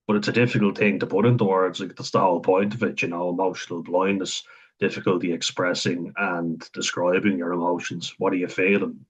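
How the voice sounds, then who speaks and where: A vlogger talking about autism speaks in a very deep, husky, slightly breathy voice, thinking aloud in a loose, unscripted monologue. His tone stays steady as he chuckles often, says um a lot, and pauses to gather his thoughts.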